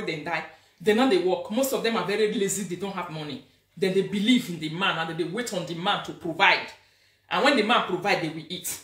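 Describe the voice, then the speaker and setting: A woman's voice: medium pitch, far from the mic. Emphatic Nigerian woman ranting on a live stream. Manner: animated, scolding, emphatic. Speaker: social media influencer hosting a live video. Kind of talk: casual live-stream rant. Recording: echoey room, away from the mic.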